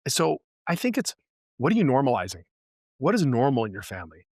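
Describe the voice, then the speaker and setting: A man's voice: medium pitch, wildly swooping pitch, fairly quick, dry recording, studio quality. A middle-aged man, a football coach, talking earnestly in a casual podcast interview and often repeating words as he thinks. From Canada. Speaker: guest, high school football coach.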